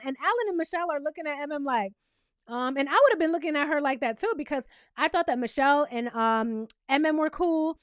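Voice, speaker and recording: A sassy woman recaps a reality show in a casual, animated way, with a high voice. She jumps between her own comments and mock quotes. The sound is dry and close, with no room echo. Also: fast.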